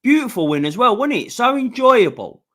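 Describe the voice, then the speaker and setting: A man in a casual football chat, with a high, bright voice. He rambles easily, piles on fillers and keeps a chatty flow. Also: very animated, moderate pace. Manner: chatty, rambling, laughs a lot. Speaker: co-host.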